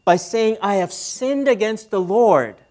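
A man's voice: high voice, a little slow, a little mellow. Conversational male pastor preaching. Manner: conversational, asks the audience questions. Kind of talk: sermon.

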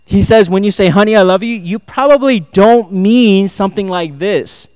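A man preaches a sermon in a high, smooth voice. He moves between forceful emphasis and quiet, hushed asides, acting out the lines he quotes. The room sounds dry. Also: expressive, moderate pace, dry recording. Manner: swings from loud emphatic preaching to soft near-whispered asides; quotes and acts out lines, laughs at himself. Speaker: pastor.

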